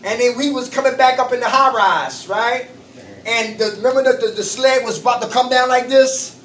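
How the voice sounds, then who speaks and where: A man's voice: very high-pitched, steady tone, moderate pace, fairly bright tone. A man facilitating a recovery group, teaching in call-and-response style and quizzing the room with questions. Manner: preachy, quizzes the group with "what?". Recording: echoey room, mic far off, faint noise.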